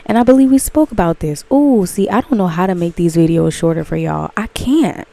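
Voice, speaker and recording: A woman talking casually and expressively to her viewers in a self-help vlog, stretching words and swinging into excited bursts. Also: lowish voice, creaky. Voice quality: animated, drawn-out expressive delivery. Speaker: channel host.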